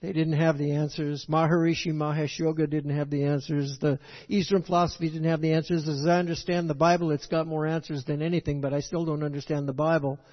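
A man's voice: fairly high pitch, little pitch movement, fairly quick, few pauses. An older man preaching a sermon, folksy and rambling, often checking with "right?". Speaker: pastor. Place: church sanctuary. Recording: echoey hall, dull lo-fi sound.

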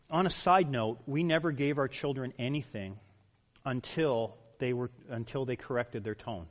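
A man's voice: mid-range voice, normal speed. A male pastor preaching a sermon, emphatic and full of rhetorical questions. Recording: long reverb of a large hall.

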